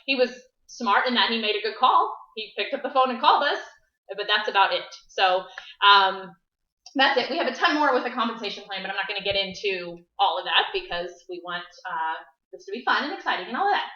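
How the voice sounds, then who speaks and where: An upbeat woman explains a business plan to a small room. Her voice is bright and clear-toned at an ordinary pitch. The recording is echoey and dull, with a lo-fi live-stream sound. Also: expressive, fairly quick. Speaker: business presenter.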